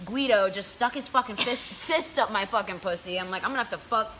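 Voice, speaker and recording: Fast-talking woman, animated and profane. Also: medium pitch, a little hiss or hum. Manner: animated, profane, does voices of people in her stories. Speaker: host. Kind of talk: casual storytelling chat.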